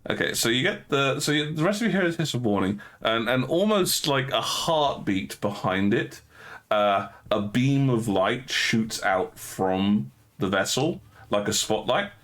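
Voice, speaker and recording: A man's voice: mid-range voice, lively intonation, a little slow, fairly bright tone. A man running a tabletop game as game master, narrating the scene and wryly teasing the players about their dice. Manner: wry, teasing about bad dice rolls.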